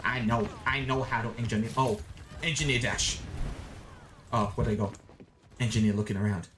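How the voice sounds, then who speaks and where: A man's voice: medium pitch, fairly even intonation, normal speed, background noise. A young Australian man streaming a game, chatting casually and goofing around with viewers. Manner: goofy, playful, swears, sings robot noises. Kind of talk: casual gaming stream chat.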